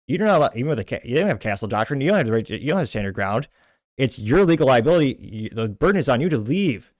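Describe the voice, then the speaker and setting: A man's voice: mid-range voice, no echo, clean studio sound. Indignant man ranting on a show. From Texas. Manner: blunt, indignant, emphatic rants. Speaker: political commentary show host. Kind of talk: opinionated political commentary.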